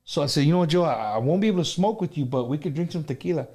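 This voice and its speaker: Male host, slightly high voice, laid-back, casual. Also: lively intonation, racing, a little mellow, husky. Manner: laid-back, sprinkles Spanish words. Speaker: show host. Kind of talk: casual chat.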